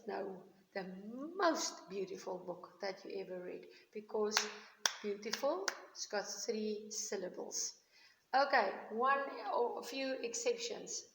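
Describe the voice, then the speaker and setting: A woman's voice: a little high, slow. A woman teaching a grammar lesson on video, explaining patiently step by step. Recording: echoey room with long reverb.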